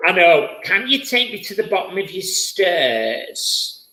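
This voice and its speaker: A man's voice: high-pitched, big pitch swings, takes it slowly, sharp tone, reverberant, low-quality recording. A man hosting a live-streamed spirit reading as a psychic medium, chatty and effusive, often repeating his words.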